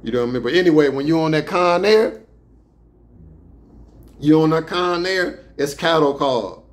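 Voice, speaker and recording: A man's voice: on the high side, normal speed. A man casually telling stories about prison transport and life inside, in loose streetwise slang with plenty of swearing. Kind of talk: casual storytelling.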